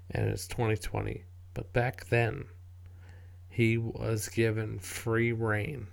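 A man with a gravelly, creaky voice talks at a slow, unhurried pace, sitting a little low in pitch. He rambles in a casual way, restarts his phrases often and swears freely. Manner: rambling, profane, frequent restarts. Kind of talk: casual spoken commentary.

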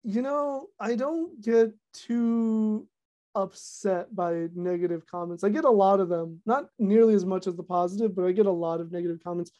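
A young woman, a content creator, chatting casually on a podcast, talking fast with lots of fillers and animated retellings. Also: medium pitch, dull audio.

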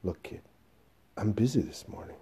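A man's voice: normal speed, mellow, a little hiss or hum, close to an everyday voice. A man reading the part of an impatient young boss who brushes off an older employee. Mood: dismissive. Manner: curt, dismissive.

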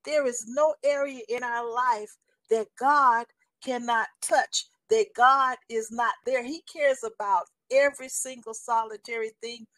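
A woman in her sixties sharing a faith testimony in a casual, animated and emphatic way, often calling the listener honey. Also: on the high side, a little slow, no echo. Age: 60s.

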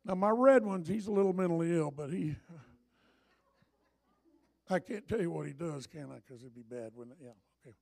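Older male pastor, high gravelly voice, storytelling sermon that swings from soft to loud. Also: normal speed, pauses often.

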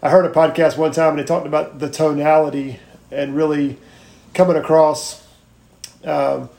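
An earnest man talks through his sales notes on a group video call, with halting restarts. His voice sits a little high for a man. The room around him echoes clearly. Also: little pitch movement, a little mellow. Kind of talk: casual group call, sharing tips.

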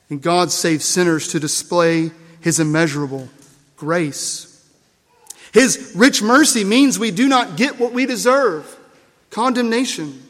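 A man preaching a sermon as pastor, emphatic and measured, repeating key phrases and letting his lines fall away softly. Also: high voice. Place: church. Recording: long reverb of a church hall.

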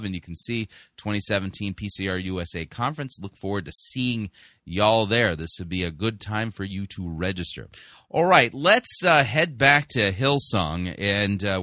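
A male podcast host reviewing a sermon in a conversational way, full of fillers, slowing down to stress key words. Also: on the low side, sharp tone, dry recording, clean studio sound.

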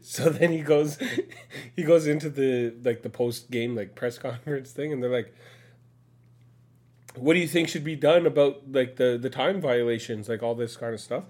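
A man's voice: mid-range voice, moderate pace, darkish tone. A man co-hosting a podcast, chatting casually and laughing as he tells stories. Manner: giggly, laughs through his stories. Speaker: podcast co-host. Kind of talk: casual chat.

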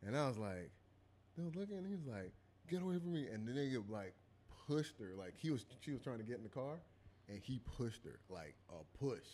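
A man's voice: medium pitch, sing-song, brisk, mellow, slight background noise. Laid-back man telling a story. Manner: laid-back storyteller, laughing through anecdotes. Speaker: podcast co-host. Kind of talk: casual chat. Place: studio.

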